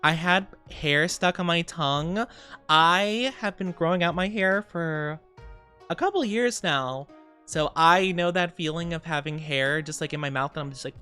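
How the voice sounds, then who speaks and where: A woman's voice: on the low side, measured pace, bright, forceful tone, smooth, soft background music. A young woman streaming casually, chatting with viewers in a bubbly, giggly way with cutesy slang. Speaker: VTuber streamer. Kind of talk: casual live-stream chat, greeting viewers.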